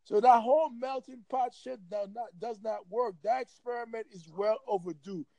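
High-pitched gravelly man ranting profanely. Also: fairly even intonation, normal speed, dark tone, no echo, low-quality recording. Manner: heated, profane, emphatic ranting. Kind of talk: casual opinionated chat.

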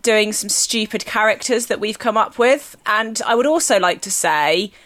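A woman's voice: mid-range voice, lively intonation, normal speed, a bit bright. A woman in her thirties, co-hosting a podcast in a rambling, chatty way with many fillers. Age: 30s. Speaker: podcast co-host. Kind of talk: casual chat.

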